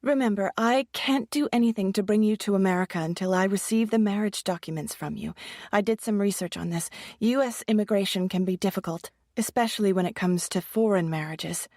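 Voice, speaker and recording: A woman's voice: mid-range voice, a little fast, a little mellow, no room sound, studio quality, natural voice. A woman voicing an eager, reassuring young husband who talks with upbeat enthusiasm.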